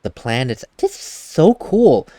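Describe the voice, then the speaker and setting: A man's voice: medium pitch, big pitch swings, measured pace, mellow, no echo, studio quality. A man giving casual gameplay commentary as a let's play host, chatty and laughing at himself, at a desk mic at home.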